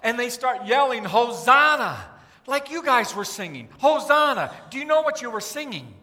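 A pastor preaches with a bright, high-pitched voice. He tells the story in an animated way and acts out the crowd's cries. His voice rings with the long reverb of a church sanctuary. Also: fairly quick. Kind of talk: sermon storytelling.

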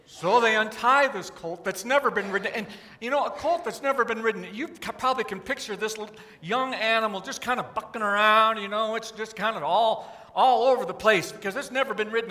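A pastor telling a story in a sermon, animated and acting out the crowd's cries. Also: male voice, high voice, normal speed. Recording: long hall reverb.

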